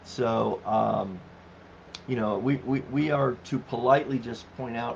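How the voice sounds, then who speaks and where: A man's voice: moderate pace, gravelly, a little mellow. A man in his fifties hosting a casual livestream, chatting easily, laughing often and reading viewer comments aloud. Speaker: livestream host reading chat. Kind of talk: casual live-stream chat. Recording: dull low-fi stream audio with faint noise.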